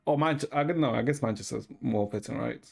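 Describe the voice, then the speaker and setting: A man's voice: mid-range voice, brisk, vocal fry, a little mellow, faint music behind. A man streaming a game, chatting casually with his chat while he plays.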